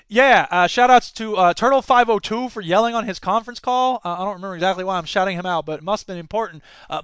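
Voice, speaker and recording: A man's voice: high-pitched, fairly bright tone, clean tone, no room sound. A man hosting a solo podcast, rambling and self-mocking in a casual chat. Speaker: podcast host.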